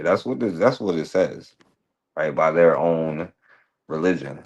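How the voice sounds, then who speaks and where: A man with a very low, deep voice hosts a casual talk radio show. He speaks loosely and conversationally, reacting and pulling his co-host into the discussion. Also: animated, measured pace, a little mellow. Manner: loose, conversational, asks co-host's view.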